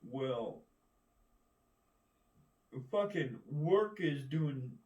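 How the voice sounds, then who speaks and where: A man's voice: a little high, lively intonation, extremely slow, dark tone, lo-fi sound. A man ranting in a rambling, combative monologue, swearing constantly and often asking "right?". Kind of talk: profane monologue rant. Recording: echoey room, distant mic.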